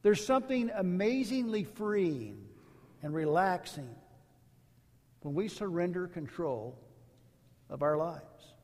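A man's voice: high-pitched, sing-song, slow, long pauses, a little mellow, long reverb tail. A man preaching a sermon as a pastor, in a casual, storytelling way with rhetorical asides.

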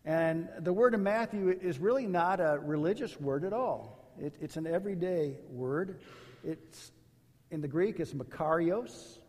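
A man's voice: fairly high pitch, measured pace, a little mellow, big-room sound. A man preaching a sermon as a pastor, in a casual, storytelling way with rhetorical asides.

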